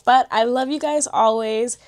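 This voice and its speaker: A woman's voice: on the high side, measured pace, slight background noise. A young woman chatting candidly to camera, slangy, emotional and encouraging. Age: young adult. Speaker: vlogger. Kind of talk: casual chat to camera.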